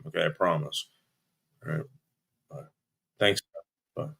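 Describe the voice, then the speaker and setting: A man's voice: extremely low pitch, steady tone, measured pace, creaky, a bit bright, slightly rough. A man arguing defensively on a live stream, repeating himself, restarting his sentences and swearing. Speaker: livestream guest. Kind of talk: heated argument on a live stream.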